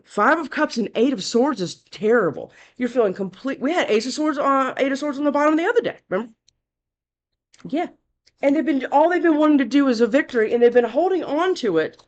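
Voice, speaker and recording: A woman's voice: high-pitched, lively intonation, a little fast. A woman giving a casual tarot reading, talking bluntly and chattily, scolding and cursing freely. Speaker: tarot reader.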